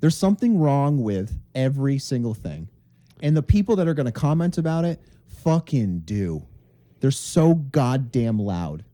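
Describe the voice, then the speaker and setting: A man co-hosting a comedy podcast, telling crude, animated stories and acting out voices in casual chat. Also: medium pitch, measured pace. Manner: crude, animated storyteller who acts out voices. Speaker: podcast co-host.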